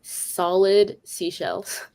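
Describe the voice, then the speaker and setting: A woman player in a tabletop game, playful and quick to laugh. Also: lowish voice, steady tone, mellow, clear, resonant tone.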